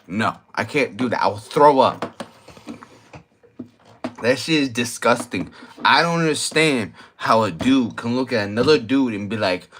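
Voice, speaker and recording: Slow-talking tipsy young man ranting. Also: medium pitch, expressive, fairly bright tone, slight background noise. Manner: crude, slangy, argumentative, repeats himself. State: drinking, tipsy. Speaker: vlogger. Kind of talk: late-night rambling monologue.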